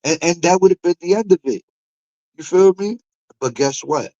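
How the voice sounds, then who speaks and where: A man's voice: high voice, normal speed, no room sound, muffled recording. A man hosting a stream, ranting casually and profanely, with mocking asides. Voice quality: animated, profane, mocking impressions. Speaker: streamer host.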